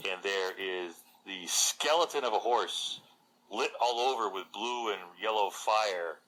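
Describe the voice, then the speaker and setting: Unhurried male GM, hesitant narration, low-ish voice, light background hiss. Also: sharp tone, poor audio. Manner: slow, hesitant, full of fillers. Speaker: game master. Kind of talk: narrating a tabletop game.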